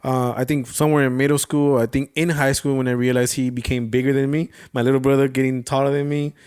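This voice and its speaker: Male podcast guest, smooth clear voice, easygoing casual talk. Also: medium pitch, little pitch movement, quick pace, darkish tone. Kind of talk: casual chat.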